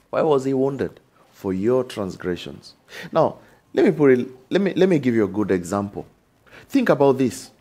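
A man preaching a sermon with animated delivery, repeating lines and asking rhetorical questions. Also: medium pitch. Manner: acts out short dialogues in changed voices.

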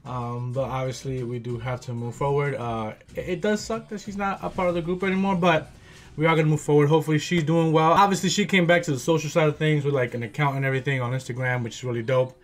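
A man casually reacting to a music video, excitable and slangy, with a groggy morning voice. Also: on the high side. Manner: excitable, slangy, peppered with "bro" and "gassed".

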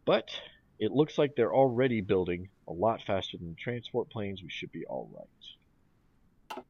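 A man's voice: lowish voice, lively intonation, moderate pace, breathy edge, no echo, dull audio. A man hosting a gaming channel, thinking aloud in casual commentary as he plays a strategy game. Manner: thinking aloud, mumbling and musing. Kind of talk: let's play commentary.

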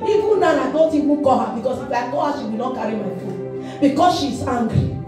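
A woman's voice: sits high, animated, fairly quick. A woman evangelist, preaching fervently with call-and-response and chanted prayer. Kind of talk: sermon and prayer. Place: church hall. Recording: very echoey hall with music.

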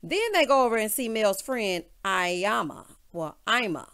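A woman casually recapping a reality show, sassy and chatty, who often mimics the people she talks about in high, mocking voices. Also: very animated, measured pace, a bit bright, clean tone. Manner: sassy and chatty, often says "child" and "honey".

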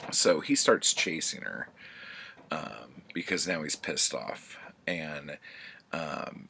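A man's voice: a bass voice, vocal fry, pushed and bright, slight background noise. A man who runs a book channel, retelling a story in a casual, rambling way, full of fillers and swearing. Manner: rambling, filler-heavy, profane. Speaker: book vlogger.

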